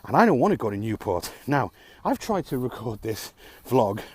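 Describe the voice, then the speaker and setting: A man's voice: mid-range voice, darkish tone, husky. A man talking alone to camera in a frustrated, sarcastic rant, swearing often. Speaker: vlogger. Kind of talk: ranting vlog monologue.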